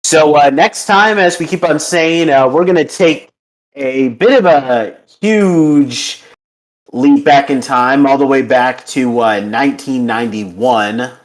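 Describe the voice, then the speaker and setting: A man's voice: medium pitch, takes it slowly. A man hosting a casual podcast, wrapping up the episode with many ums and uhs. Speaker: podcast host. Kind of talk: casual podcast chat and wrap-up.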